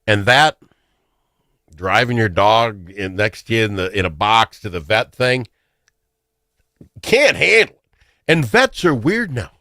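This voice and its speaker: A man hosting a talk show, telling stories in a casual, excitable way. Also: lowish voice, unhurried, pauses often, dry recording, studio quality. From Minnesota. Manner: animated, excitable storyteller. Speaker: radio talk show host. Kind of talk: casual storytelling chat.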